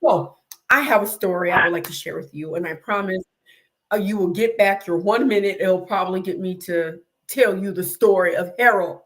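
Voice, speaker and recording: Hosting an interview, a woman with a mid-range voice speaks at a normal speed while spinning a funny story in casual chat. She's a lively storyteller who laughs a lot and acts out her own screams.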